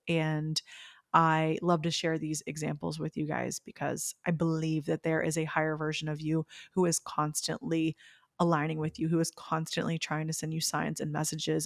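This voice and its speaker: A woman's voice: low voice, no echo, clean studio sound. Bubbly young woman telling a podcast story. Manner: bubbly and gushing, with bursts of laughter. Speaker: podcast host. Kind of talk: casual solo storytelling. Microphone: podcast microphone.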